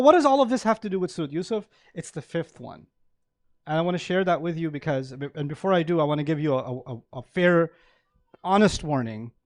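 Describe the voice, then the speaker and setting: A male preacher giving a sermon to an audience, animated, acting out everyday examples and laughing often. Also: fairly high pitch, no echo, clean studio sound.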